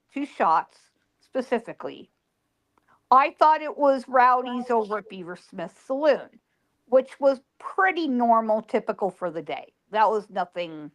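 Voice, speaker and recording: A woman psychic, telling an emotional past-life story and quoting the people in it. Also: a little high. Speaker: psychic guest.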